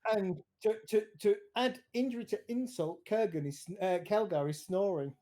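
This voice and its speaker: Quick, playful game master, mellow tone. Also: male voice, high-pitched, animated. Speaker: dungeon master. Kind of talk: narrating a tabletop game.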